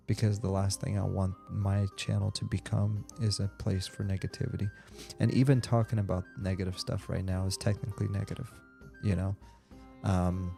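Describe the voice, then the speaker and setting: A man with a low, gravelly voice talks in a relaxed, meandering way as he plays, filling pauses with ums and likes. His tone is mellow and fairly flat. Soft fantasy game music plays faintly behind him. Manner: relaxed, rambling, many fillers. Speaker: game streamer. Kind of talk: casual gameplay chat.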